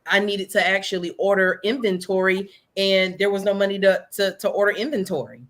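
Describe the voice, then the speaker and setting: A woman guest entrepreneur in a casual live interview, talking in an animated way, addressing listeners as y'all. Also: medium pitch, brisk. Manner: animated, repeats "you know" and "right?", speaks to the audience as "y'all". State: throat catching, coughing.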